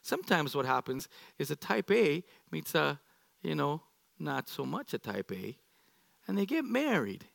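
A middle-aged male pastor with a high, bright voice preaches in a lively, playful way. He acts out little everyday scenes for his congregation. The sound is close and dry. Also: a little slow, creaky, no echo. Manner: animated, playful, acts out examples. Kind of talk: sermon. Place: church sanctuary.

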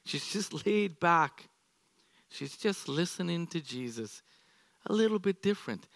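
A middle-aged man preaching a sermon to a congregation, animated and playful, acting out everyday examples. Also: fairly high pitch, measured pace, vocal fry, dry recording. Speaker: pastor. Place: church sanctuary.

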